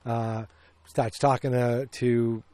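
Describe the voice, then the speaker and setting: A man's voice: mid-range voice, little pitch movement, slow pace, dark tone, dry recording. Rambling man reviewing a movie. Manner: rambling, self-correcting, opinionated. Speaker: podcast host. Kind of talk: casual movie review chat.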